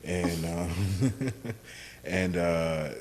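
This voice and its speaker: Deep-voiced man telling stories. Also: very slow, slight background noise, low-quality recording. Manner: relaxed storytelling, many fillers. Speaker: podcast co-host. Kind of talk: casual chat.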